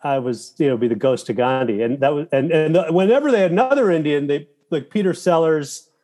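A man talking as a guest in a casual interview, telling animated stories with profanity and quoting his own thoughts aloud. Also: on the high side, a little fast. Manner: animated storytelling with profanity and quoted inner thoughts. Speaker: guest, filmmaker and actor.

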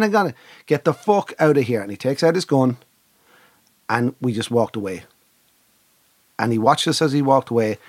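Irish man, middle-aged, animated storyteller, dry close sound, mid pitch. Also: no echo. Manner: animated, swearing raconteur. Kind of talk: casual storytelling.

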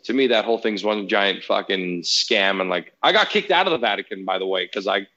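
A man's voice: lowish voice, animated, fairly quick, sharp tone, dull audio. A man in casual podcast chat, telling a story as a heated, profane rant.

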